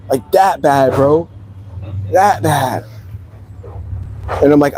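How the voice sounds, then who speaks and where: A man's voice: mid-range voice, unhurried, pauses often, darkish tone, a little hiss or hum, poor audio. A man vlogging, telling a personal story in a rambling, emphatic way full of slang. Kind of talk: casual storytelling.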